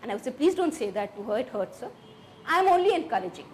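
An earnest woman with a fairly high voice recounts caring for her mother with dementia. She often slips into the voices of the people around her, and a faint hiss sits under the recording. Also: fast. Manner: earnest, quotes others in lively voices. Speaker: caregiver speaking on a recorded clip. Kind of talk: personal story of caregiving.

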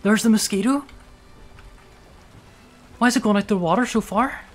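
Streaming a survival game, a man talks casually to himself, excitable and jumpy, swearing a lot as things go wrong. His voice is high-pitched and moves at a moderate pace.

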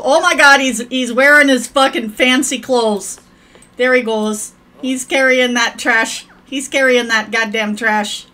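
A woman's voice: on the high side, sharp tone, slight background noise. A woman giving casual, rambling gameplay commentary, swearing freely as she plays. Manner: profane, rambling, chatty. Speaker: gaming channel host.

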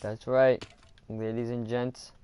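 A man's voice: medium pitch, flat delivery, slow, background noise. A man giving casual commentary while playing a game, chatting to viewers and groaning at his own mistakes. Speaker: gaming video host. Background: background music.

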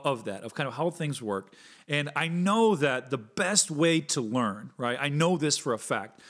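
A man's voice: on the high side, a bit bright. A man in his thirties hosting his own podcast, talking in an earnest, rambling way with lots of fillers and casual swearing. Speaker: podcast host and guitar teacher. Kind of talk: casual solo podcast monologue.

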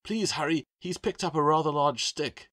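A man's voice: on the low side, lively intonation, fairly quick, a bit bright, slightly rough, no room sound, clean studio sound, exaggerated voice. A man voicing a cheeky, self-satisfied male gecko who speaks telepathically in a storybook reading. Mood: urgent.

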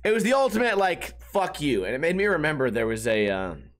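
Solo podcast host, male, voice a touch high, loose swearing storyteller who mimics the people he talks about. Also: sing-song, fairly quick. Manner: rambling, profane, acts out people he quotes. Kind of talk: casual solo storytelling monologue.

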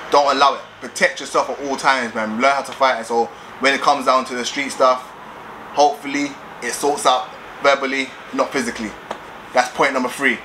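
Brash young vlogger, mid-pitched and insistent, faint background noise. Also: male voice, bright, forceful tone, low-quality recording. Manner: assertive, repetitive, streetwise slang. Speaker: vlogger giving dating advice. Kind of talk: casual advice vlog.

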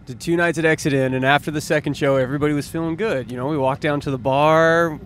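Laid-back man, slightly high voice. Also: fairly even intonation, quick pace, a bit bright, a little hiss or hum. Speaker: touring band crew member. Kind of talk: casual storytelling. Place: inside a moving tour van.

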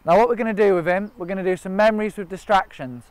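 A man's voice: high voice, quick pace, smooth, no echo. A man training gundogs outdoors, explaining each step in a practical way. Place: outdoors in a park and by a river.

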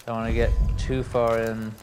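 A man's voice: mid-range voice, completely flat delivery, moderate pace, noisy background. A young man from Georgia with a light Southern accent, chatting casually and swearing freely while commenting on a video game. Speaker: let's play host. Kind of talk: gameplay commentary. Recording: loud game sound behind.

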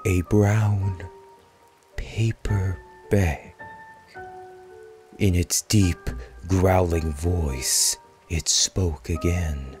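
A man reading a scripted horror story aloud as narrator, in a slow, measured, hushed storytelling manner. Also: deep voice, fairly even intonation, soft background music.

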